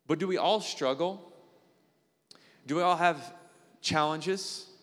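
Earnest preacher man in a reverberant hall. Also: slow. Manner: checks in with listeners through frequent tag questions; earnest, animated preaching with sudden jumps in pitch. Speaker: pastor. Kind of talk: conversational sermon.

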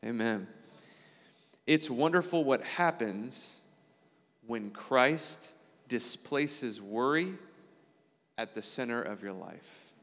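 A male pastor gives a relaxed, conversational sermon at an ordinary middle pitch. He keeps checking in with his listeners through quick tag questions and turns earnest, with sudden leaps up in pitch. His voice carries a long reverb, as though recorded in a church hall. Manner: earnest, animated preaching with sudden jumps in pitch.

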